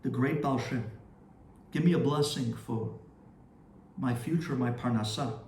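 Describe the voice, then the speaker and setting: A man's voice: mid-range voice, measured pace, a little mellow, far from the mic, slight background noise, pitched below the performer's own voice, close to an everyday voice. A man voicing a fearful male servant who pleads nervously. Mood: pleading. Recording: roomy echo.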